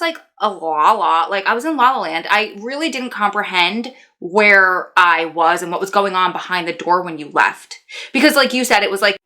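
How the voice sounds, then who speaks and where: A woman telling a story in a casual vlog, chatty and self-deprecating, talking in quick animated bursts. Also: mid-range voice. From New Jersey. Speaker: vlogger, wife of an inmate.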